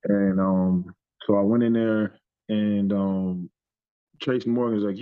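A man in his thirties telling stories as a podcast guest, animated and profane with lots of "you know what I'm saying". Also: lowish voice, unhurried, smooth, no room sound. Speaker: podcast guest, former pro basketball player. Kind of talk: storytelling in casual chat. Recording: tinny phone-like line, dry.

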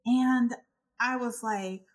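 Podcast cohost lady telling stories, animated, acts out the quotes, laughs a lot. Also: a little high, extremely slow. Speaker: podcast co-host. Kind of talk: casual conversation.

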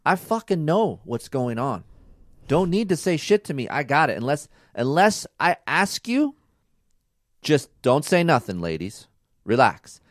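A man co-hosts a laid-back podcast with his partner, lecturing as he hands out blunt, profane advice. His voice sits on the high side with big pitch swings and a normal pace. The recording is dry and studio quality.

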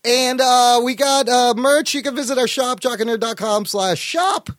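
A man hosting a casual podcast, excitable, swearing freely and ranting fast. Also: extremely high pitch, no echo, clean studio sound. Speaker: podcast host.

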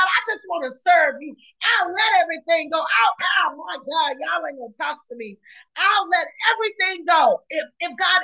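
A woman preaching a fiery podcast sermon, often shouting and repeating exclamations. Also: extremely high pitch, rough recording. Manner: shouting, repetitive exclamations, colloquial.

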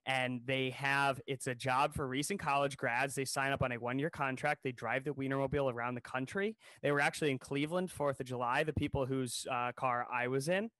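A man co-hosting a podcast, telling a funny story in a casual, animated way and acting out what people said. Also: mid-range voice, fairly quick, few pauses, dry recording. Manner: animated, jokey storyteller who acts out quotes. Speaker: podcast co-host. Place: New York City.

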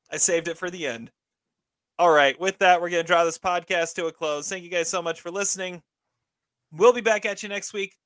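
Slow-talking bright male podcast host. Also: on the high side, no echo, studio quality. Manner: easygoing, laughs often. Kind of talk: casual movie podcast chat.

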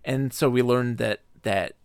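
A man co-hosting a podcast, retelling a book's plot in casual chat, jumping into quick character voices. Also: mid-range voice, fairly even intonation, clean tone, no echo. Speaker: podcast co-host.

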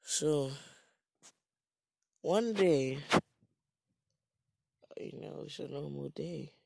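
Male storyteller from Jamaica, higher-pitched, unhurried, profane and rambling, dry sound. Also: creaky, warm tone, dry recording. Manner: rambling, profane, self-mocking. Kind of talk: casual storytime monologue.

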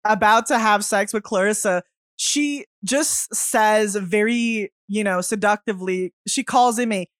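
A woman's voice: mid-range voice, unhurried, no room sound. Chatty woman, dry close sound. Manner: chatty, laughs often, wondering aloud. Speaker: podcast co-host. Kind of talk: casual film discussion.

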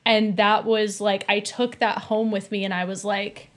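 A young woman in her twenties, a podcast guest, telling a story in casual chat, animated and laughing often. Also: mid-range voice, a little slow. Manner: animated, laughing, acts out quotes.

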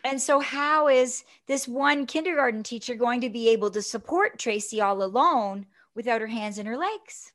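A woman in her fifties, a guest telling a personal story in an animated, chatty way, often checking in with "right?". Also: on the high side, normal speed, few pauses.

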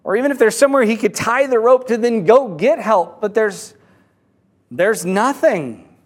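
A man with a notably high voice tells a parable in a sermon. He talks haltingly, often doubling words and restarting his sentences as he goes. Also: lively intonation. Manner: halting, frequent word repeats and restarts. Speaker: speaker telling a fable.

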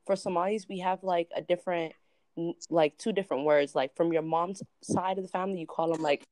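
A young woman from Ohio, a podcast guest, telling stories in lively casual chat with laughs and swearing. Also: on the low side, a little fast, no echo. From Ohio, United States.

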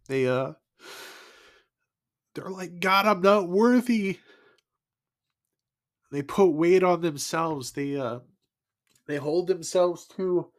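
A man sharing his personal faith testimony in an earnest, emotional, halting way. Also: on the high side.

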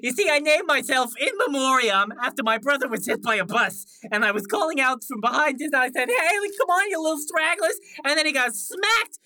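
A woman's voice: high-pitched, dry recording, pitched above the performer's own voice. A woman doing a giddy, starstruck eccentric guy. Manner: gushing, excitable, slightly drawn-out words.

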